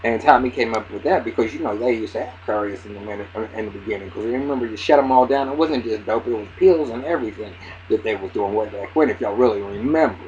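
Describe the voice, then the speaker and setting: Excitable profane man recapping a TV show. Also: fairly low pitch, fast talker. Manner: excitable, acts out character lines, heavy cursing, many restarts. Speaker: TV recap reviewer. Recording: dull lo-fi audio with faint hiss.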